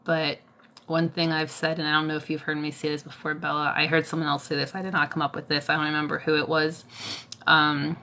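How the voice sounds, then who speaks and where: A woman's voice: sits low, little pitch movement, a little fast, bright, forceful tone. A woman hosting a Reiki livestream, chatting casually with viewers in a tired, worn-out voice, using lots of fillers and coughing now and then. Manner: chatty, many fillers, answers viewer comments. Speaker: Reiki healer, livestream host.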